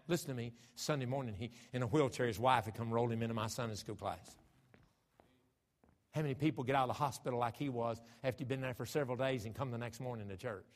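A man with an American accent, a pastor preaching a sermon emphatically, moving from hushed storytelling to raised, fervent delivery. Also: mid-range voice. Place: church sanctuary. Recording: church hall reverb.

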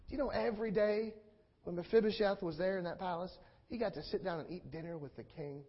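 A man with a very high, husky voice preaches a sermon with passion, stacking repeated phrases into rhetorical build-ups and acting out what people say. The recording sounds dull and lo-fi. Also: animated, a little fast. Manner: impassioned, repetitive rhetorical build-ups, acts out quotes.

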